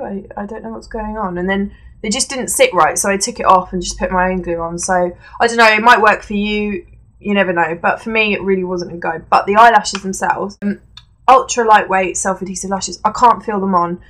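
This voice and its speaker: A woman's voice: mid-range voice, a bit bright. A young woman chatting casually through a beauty product review, rambling with fillers and self-corrections while seated indoors. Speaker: beauty vlogger. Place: indoors at home, seated on a creaky chair.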